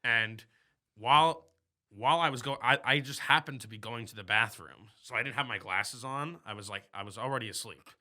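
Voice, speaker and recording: A young man co-hosting a podcast in casual chat, telling a story with animated, acted-out moments. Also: medium pitch, fairly quick. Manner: animated storytelling, acts out his own screams. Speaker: podcast co-host.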